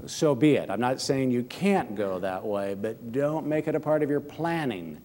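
A man's voice: mid-range voice, expressive, normal speed, darkish tone, slight background noise. A man preaching a sermon in an earnest way, sometimes acting out what people might say. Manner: earnest, acts out quoted lines. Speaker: pastor. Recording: hall reverb.

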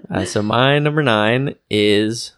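A man co-hosting a podcast in casual chat, dryly teasing and talking haltingly with many fillers. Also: lowish voice, a bit bright, dry recording, studio quality. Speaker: podcast co-host.

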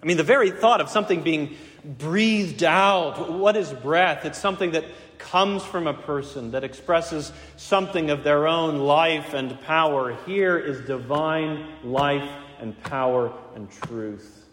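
A man preaching a Sunday morning sermon as pastor, earnest and emphatic, slowing to stress key words and speeding through asides. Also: fairly high pitch, a bit bright. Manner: earnest, emphatic, varies pace between slow stresses and quick asides. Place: church sanctuary. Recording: long hall reverb.

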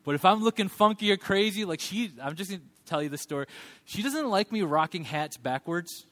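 A pastor in his thirties delivers a sermon in a fairly high, lively voice. He mixes humor with earnest teaching and swings his voice into little acted quotes. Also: a little fast.

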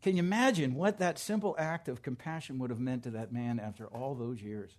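A male pastor preaching a sermon to his congregation, swinging from quiet asides to loud, emphatic declarations. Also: mid-range voice, brisk.

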